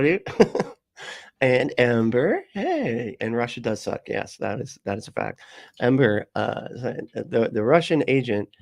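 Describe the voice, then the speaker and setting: A man's voice: lowish voice, gravelly, a little mellow, dry recording, clean studio sound. A man hosting a casual livestream, talking loosely and mockingly, often laughing and swearing as he reacts to clips. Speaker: livestream host.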